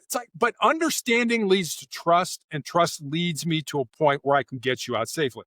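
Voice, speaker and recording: Brief: man as interview guest, lively pitch, a touch high, dry close mic, acts out quotes in voices. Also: moderate pace, no room sound. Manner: animated, acts out quoted lines in character voices. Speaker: guest, former SWAT officer. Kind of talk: storytelling interview answers.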